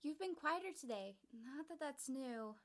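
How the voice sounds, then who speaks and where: Brief: woman doing a bubbly, clingy young man, high and excitable, roomy echo. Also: a little slow. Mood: worried. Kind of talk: fan fiction reading. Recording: very echoey room.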